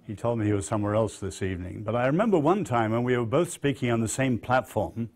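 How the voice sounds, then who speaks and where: A man with an English accent delivers a public lecture at a middling pitch. He speaks in a measured way with dry wit and lands firm emphasis on his key phrases. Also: animated, a little mellow. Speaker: guest lecturer.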